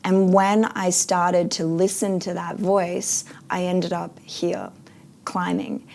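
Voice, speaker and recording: A woman's voice: lowish voice, flat delivery, slow pace, vocal fry, darkish tone. A woman talking as an interview guest in a casual, earnest and reflective way, with frequent fillers.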